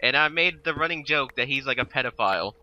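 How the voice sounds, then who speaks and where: Brief: young male gamer, lively up-and-down delivery, sharp bright tone, excitable. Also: medium pitch, quick pace, lo-fi sound, a little hiss or hum. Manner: excitable, yelps and laughs during game action. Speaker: Let's Play host. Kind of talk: casual gameplay chat.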